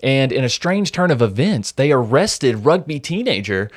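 On his true-crime podcast, a man lays out the case in a blunt, wry, profane way, narrating casually as a storyteller. His mid-range voice is very animated at a moderate pace, recorded studio-clean with no echo.

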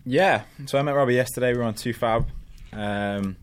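A man's voice: mid-range voice, a little fast. A man from England with a Northern English accent, chatting casually as a podcast guest, laid-back and laughing, with casual swearing. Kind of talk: casual chat.

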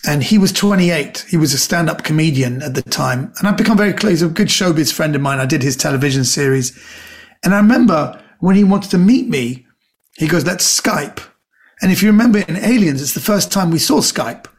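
A man's voice: a little high, lively intonation, fairly quick. A middle-aged man, a comedian guest on a podcast, chatting casually and telling rambling stories, acting out the quotes.

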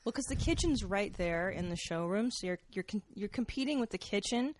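A woman's voice: mid-range voice, animated, slight background noise. A woman, a stand-up comedian appearing as a podcast guest, chatting casually with blunt, wry humor. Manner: blunt, wry, quick to laugh. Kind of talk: casual chat.

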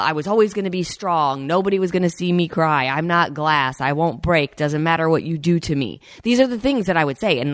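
Lower-voiced chatty woman podcast host. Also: dry recording, clean studio sound. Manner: chatty, personal storytelling addressing listeners. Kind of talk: casual podcast talk.

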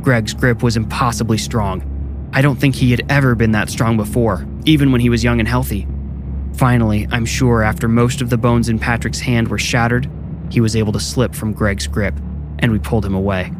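A man narrating a scripted first-person horror story in a measured, low-key way. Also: fairly even intonation, noisy background. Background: music.

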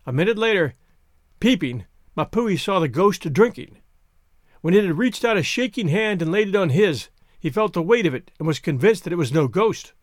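A man reading a short story aloud in an expressive, dramatic narration. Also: high voice, normal speed, no room sound, studio quality. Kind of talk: scripted narration.

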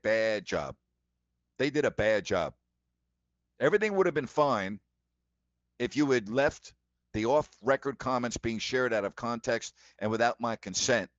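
A man's voice: mid-range voice, a bit bright, dry recording, muffled recording. A man hosting a sports talk show, giving emphatic, indignant commentary and repeating his points.

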